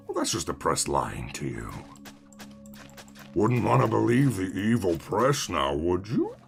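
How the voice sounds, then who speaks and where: A man's voice: low voice, very animated, unhurried, vocal fry, faint music behind. A man streaming a game, talking to himself in sarcastic, rambling commentary. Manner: sarcastic rambling self-talk. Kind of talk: casual gameplay commentary.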